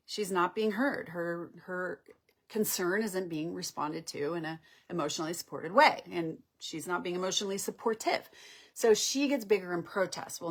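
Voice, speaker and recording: With a fairly low-pitched yet fairly bright voice, a woman relationship coach explains on a live stream in a conversational style. She acts out what couples say and keeps checking in with "right?".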